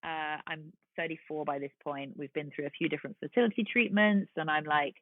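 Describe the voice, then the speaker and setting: A woman's voice: sits low, fairly quick, no room sound. English lady in her 40s telling a story on a call, thin phone-y sound, dry, does all the voices. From London. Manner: lively, acts out quoted voices. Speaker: guest. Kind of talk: storytelling in a casual chat. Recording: tinny phone-like line, dry.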